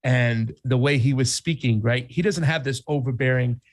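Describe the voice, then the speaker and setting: A man's voice: mid-range voice, normal speed. A man with a New York Italian accent co-hosting a casual political talk show, chatty and playful. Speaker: podcast co-host.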